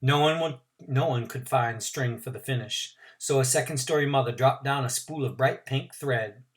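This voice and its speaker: A man's voice: medium pitch, moderate pace. A man teacher reading a novel aloud to his class, adding asides and explanations for his students.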